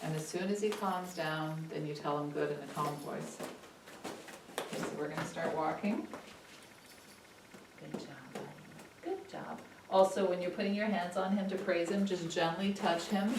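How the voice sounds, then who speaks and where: A woman puppy trainer calmly explaining training exercises to owners. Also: on the low side, moderate pace, few pauses. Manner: calm, steady instructive tone. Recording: echoey room, distant mic, faint noise.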